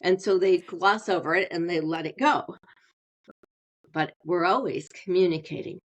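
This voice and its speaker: A middle-aged woman, a family therapist, explaining in an interview and slowing down on purpose to show how tone changes meaning. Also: lowish voice. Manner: slows down deliberately, demonstrates tone changes. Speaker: marriage and family therapist guest.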